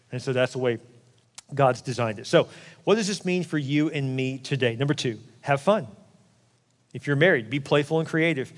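A man's voice: medium pitch, in a large hall. A man preaching as a pastor, candid and joking, who acts out the quoted voices of the people he talks about. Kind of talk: sermon.

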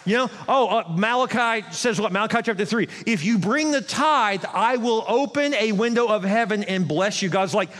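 A man with a high voice preaching in a lively, conversational way. He talks to the congregation directly and throws in quick asides. His voice rings out with a long reverb from a large church hall. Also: a faint crowd. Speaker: pastor. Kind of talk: sermon.

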